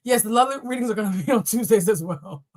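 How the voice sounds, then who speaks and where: A woman's voice: mid-range voice, expressive, fast. A young woman hosts a live tarot reading, talking straight to her viewers in a loose, joking way. She swears freely and teases each sign. Her voice sits in an ordinary middle range for a woman. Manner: chatty, profane, joking asides to viewers. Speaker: tarot reader.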